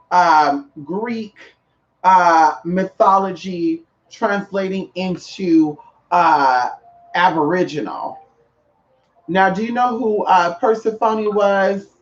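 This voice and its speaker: Sassy high-voiced man, lo-fi sound. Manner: sassy, flamboyant, calls listeners girl and honey. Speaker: spiritual practitioner talking to viewers. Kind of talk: casual live chat.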